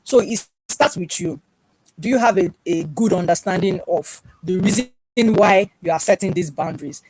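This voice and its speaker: A woman's voice: lowish voice, moderate pace, a little mellow, husky, poor audio. A woman talking reflectively, posing rhetorical questions to the listener. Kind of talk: talk.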